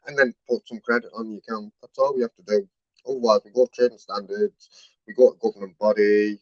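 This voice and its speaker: A man's voice: mid-range voice, quick pace, no echo. Man, complaint caller, mock-polite, persistent, dry close sound, muffled lo-fi. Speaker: caller complaining to customer service. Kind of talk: live-streamed phone complaint.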